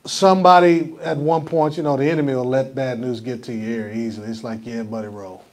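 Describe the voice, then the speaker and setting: In a church sanctuary, a male pastor preaches a conversational sermon and often asks the congregation questions. His voice is medium-pitched and steady in tone, moving a little fast.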